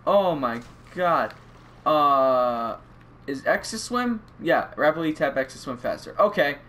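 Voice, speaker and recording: A young man commentating a video game playthrough, excitable and rambling with lots of stammering restarts. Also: fairly high pitch, a little slow. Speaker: gaming YouTuber. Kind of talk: let's play commentary.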